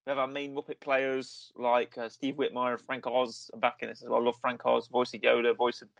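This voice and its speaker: A man's voice: mid-range voice, flat delivery, brisk, vocal fry, dry recording, dull audio. A man co-hosting a casual film-review podcast. He talks enthusiastically and rambles, with many restarts. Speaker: podcast co-host.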